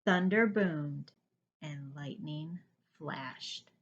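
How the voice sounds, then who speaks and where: A woman teacher reading a children's picture book aloud, with expressive, dramatic storytelling. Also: low voice, extremely slow. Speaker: first-grade teacher. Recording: slightly dull lo-fi recording.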